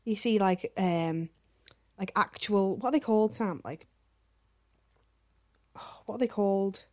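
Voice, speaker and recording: A woman's voice: medium pitch, slow. A woman co-hosting a casual chat podcast, reading out listener questions and answering them frankly with plenty of swearing and filler words.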